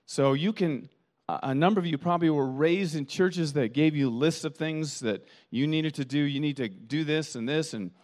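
A middle-aged man preaching a sermon as pastor, building from calm teaching to animated rhetorical questions. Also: moderate pace. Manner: rising to animated, high-pitched rhetorical questions.

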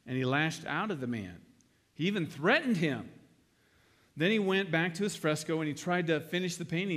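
A middle-aged male pastor delivering a sermon in a loose, conversational way, slipping into playful acted-out exchanges. His voice sits a little higher than most men's. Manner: conversational, acts out quoted exchanges with humor.

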